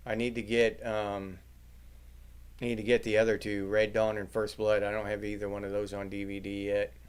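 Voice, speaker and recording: Crude joking middle-aged man, smooth voice. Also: on the low side, monotone, normal speed. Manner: crude, joking, swearing freely. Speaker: livestream host reading chat. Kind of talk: casual livestream chat.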